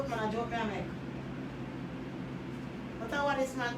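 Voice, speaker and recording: Loud joking woman, echoey room. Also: on the high side, a little fast, long pauses. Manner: loud, joking, swears a lot, trails off into mutters. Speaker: vlogger. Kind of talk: casual rambling monologue. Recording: echoey room, noisy background.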